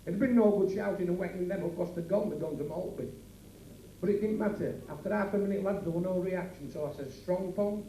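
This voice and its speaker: A man with a Yorkshire accent and a high, brisk, mellow voice performs a bawdy stand-up routine at a working men's club, bantering brashly with the crowd. The 1980s recording is echoey and distant, with faint ambience and slight background noise.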